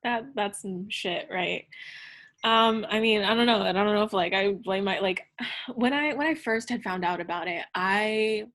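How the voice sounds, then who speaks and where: A woman's voice: medium pitch, normal speed, a bit bright. A young woman, a podcast guest, telling a personal story in casual chat, candid and profane, with lots of fillers.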